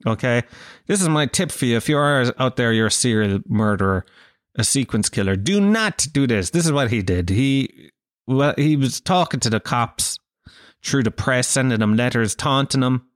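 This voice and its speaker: A man's voice: mid-range voice, expressive, moderate pace, no room sound, clean studio sound. A man with an Irish accent hosting a podcast, rambling through a crude comedic monologue, swearing freely and laughing at his own jokes. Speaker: podcast host.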